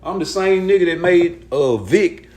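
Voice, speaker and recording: A man's voice: sits high, lively intonation, measured pace, darkish tone, faint music behind. A man hosting a livestream, ranting at his chat about boxing in a profane, heated way, arguing with viewers. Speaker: boxing commentary streamer.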